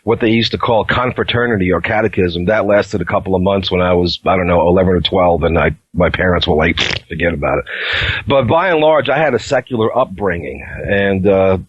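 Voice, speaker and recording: A middle-aged man from New York telling his life story as a podcast guest in a wry, unhurried way. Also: sits low, husky, no room sound. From New York, USA. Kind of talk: casual storytelling interview. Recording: dull, lo-fi line.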